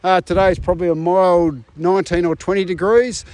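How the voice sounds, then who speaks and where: High-voiced Australian man reporting outdoors. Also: fairly even intonation, moderate pace, darkish tone. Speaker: roving reporter. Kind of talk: casual outdoor field report. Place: outdoors at a park event.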